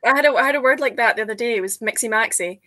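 A woman's voice: on the high side, rapid-fire, bright, forceful tone, no echo. A Scottish woman from Scotland chatting enthusiastically as a guest, laughing often. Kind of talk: casual video call chat.

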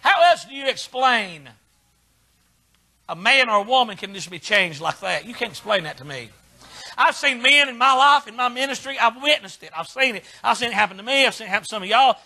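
An older man preaching a folksy Baptist sermon in short punchy lines that swing from quiet asides to shouting. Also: sits high. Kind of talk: fiery sermon.

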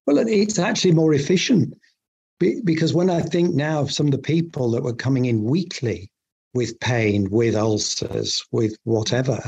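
A middle-aged English man, a family doctor, talking earnestly in a relaxed interview, with halting restarts. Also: medium pitch, vocal fry, breathy edge. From England. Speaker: GP guest. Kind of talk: casual interview chat.

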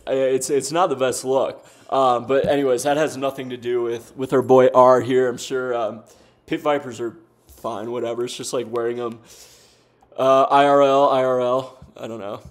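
Young American guy streaming a game, loose and profane, jokey, mid-range voice. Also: mid-range voice. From United States. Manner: laid-back, swears often, talks in bursts with fillers and self-deprecating jokes. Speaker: gaming streamer. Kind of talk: casual gameplay commentary.

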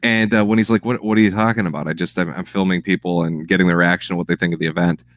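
A man's voice: deep voice, steady tone, fast. A man chatting casually as a stream guest, rambling, swearing often and laughing at his own jokes. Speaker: guest on a live stream show. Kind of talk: casual profane chat.

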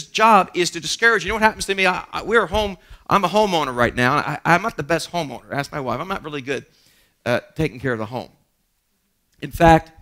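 Bright, animated male preacher. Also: a little high. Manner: animated preaching with humorous asides and self-deprecating stories; frequent stammered restarts. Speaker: pastor. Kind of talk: sermon. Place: church sanctuary.

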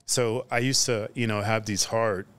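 A man telling stories in a casual podcast chat, animated, acting out the people in his stories. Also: on the low side, normal speed, smooth. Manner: animated storyteller who acts out the other people in his stories loudly. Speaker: podcast guest.

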